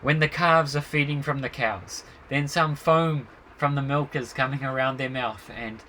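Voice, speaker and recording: A meek, obedient young male disciple answers his teacher softly and humbly, as a storyteller acts him out. The tone is bright over faint background noise. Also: mid-range voice, moderate pace, natural voice, low-quality recording. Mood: humble.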